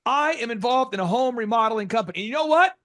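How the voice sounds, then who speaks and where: A man hosting a business podcast, talking in animated, jokey, rambling banter with frequent restarts. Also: very high-pitched, fast. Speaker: host.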